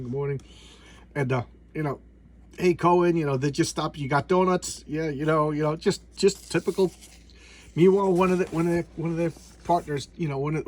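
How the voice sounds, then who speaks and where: A man with a husky, slightly high voice talks through a comic issue in a loose, casual way. He stumbles over words, repeats himself and loses track of names as he goes. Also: darkish tone. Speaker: comic book reviewer. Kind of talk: casual comic review chat.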